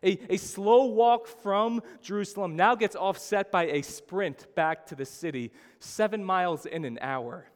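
Animated male pastor in echoing hall. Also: unhurried, few pauses. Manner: animated storytelling with sudden rises in pitch and volume. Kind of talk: sermon. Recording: long hall reverb.

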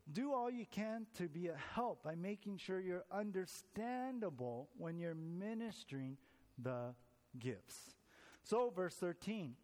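A man's voice: high-pitched, a little mellow. Man preaching in a reverberant hall. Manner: conversational, tells jokes, asks the congregation questions. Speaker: pastor. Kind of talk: sermon.

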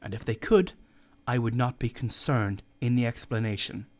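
A man voicing a calm, wry ship's surgeon who answers in a firm, matter-of-fact way. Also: medium pitch, normal speed, natural voice. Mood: dry.

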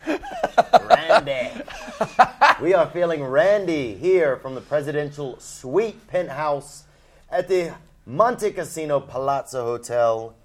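A man's voice: fairly high pitch, expressive, measured pace. A man with a Southern American accent hosting a casual comedic interview, asking goofy, playful questions and laughing often. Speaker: comedian host.

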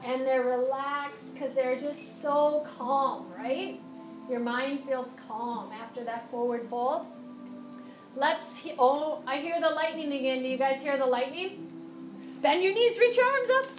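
Her voice sits high and her pace is measured as she leads a kids' yoga class. Playful and encouraging, she gives sing-song animal cues in a classroom or studio where music plays, and the room echoes.

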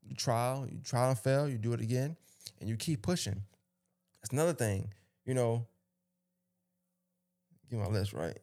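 A man's voice: mid-range voice, measured pace, pauses often, mellow. A male podcast host speaks in a mid-range voice, talking off the cuff in a motivational monologue. He drives his points home by repeating them, restarts sentences often and slips into heated, emphatic asides. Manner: emphatic, repetitive, rambling with restarts.

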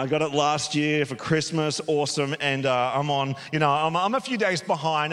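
A man preaching a casual, chatty sermon as executive pastor, upbeat, with many fillers and a slightly hoarse voice. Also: fairly high pitch, a bit bright. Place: church auditorium. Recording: long hall reverb.

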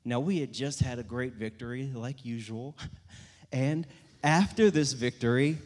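A young man telling funny stories to a live audience in a church setting, animated and self-mocking as he acts out what people said. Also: mid-range voice, a little slow. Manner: animated, self-mocking storyteller acting out quotes. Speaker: church speaker. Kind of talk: storytelling talk to a live audience. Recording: long hall reverb.

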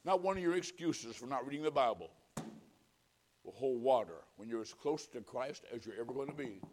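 A man preaching a sermon, telling folksy stories and swinging from loud punchlines to hushed pleading. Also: a little high, big pitch swings, normal speed, slight background noise. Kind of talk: humorous sermon.

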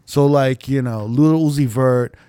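A man's voice: mid-range voice, unhurried, warm tone, clean tone, no room sound, studio quality. A man co-hosting a podcast, telling stories in a rambling, profane way full of fillers. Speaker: podcast co-host, DJ. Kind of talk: casual chat.

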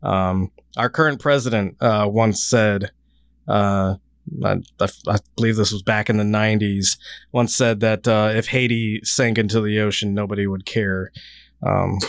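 A man with a low, smooth, resonant voice, recorded dry and close. He hosts a podcast in loose, casual chat, rambling and dropping swear words as he goes. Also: steady tone, unhurried, dry recording. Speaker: podcast host.

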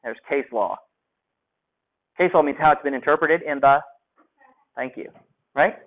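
A man's voice: on the high side, unhurried. A male teacher giving a classroom lecture, talking conversationally and asking his students questions. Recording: phone-like lo-fi audio.

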